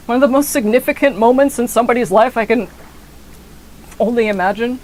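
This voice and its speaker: A young woman streaming a game, talking in a rambling, excitable way and swearing often. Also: on the high side, fairly quick, low-quality recording. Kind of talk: casual gameplay commentary.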